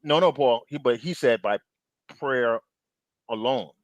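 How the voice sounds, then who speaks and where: A middle-aged man, talking in an earnest casual chat as co-host, with stammering restarts and drawn-out emphasis. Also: medium pitch, no echo. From Jamaica.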